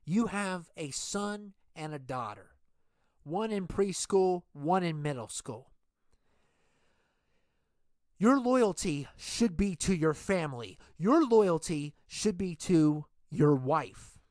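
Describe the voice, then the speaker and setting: A man playing a menacing leader of a villainous wrestling group in a game role-play, taunting with slow, drawn-out threats. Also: on the high side, no echo, studio quality.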